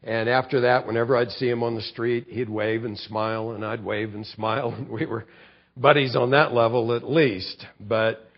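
A man's voice: medium pitch, highs cut off. A middle-aged man preaching a sermon as a pastor, telling a personal story earnestly and often stammering on his first words.

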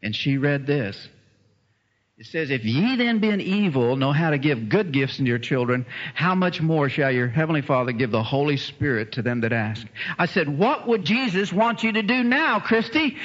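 A man of medium pitch delivers a sermon at a moderate pace, animatedly telling a story and performing the voices of the people in it. It's captured in a dull, lo-fi recording with the sound of a big room.

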